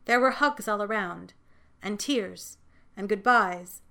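A woman narrating a fantasy story in a gentle, measured storytelling voice. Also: mid-range voice, vocal fry. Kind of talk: audiobook fiction reading.

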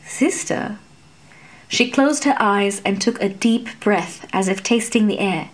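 A woman reading a fantasy story aloud as narrator, in a measured, even storytelling manner. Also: medium pitch, low-quality recording. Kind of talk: scripted narration.

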